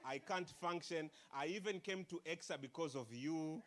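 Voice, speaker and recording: A man voicing a lovestruck young suitor who woos a woman slowly in a low, swooning voice. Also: a bit bright, close to an everyday voice. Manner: slow, low, swooning delivery.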